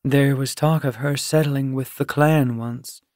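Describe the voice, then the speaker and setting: A man's voice: medium pitch, steady tone, unhurried, darkish tone, no echo, studio quality, pitched above the performer's own voice, close to an everyday voice. A man voicing a proud, firm female cat queen in an audiobook, speaking with confident authority. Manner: firm, dismissive.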